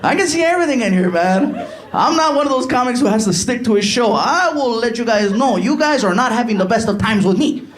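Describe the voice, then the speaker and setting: A middle-aged male stand-up comedian telling stories on a live stage into a handheld mic, animated, doing voices and crowd work. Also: very high-pitched, a little fast. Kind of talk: stand-up storytelling.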